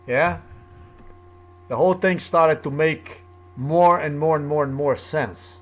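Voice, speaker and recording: A man's voice: a little high, slow pace. A man talking alone in a rambling, repetitive monologue with loose, off-the-cuff phrasing. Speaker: commentator.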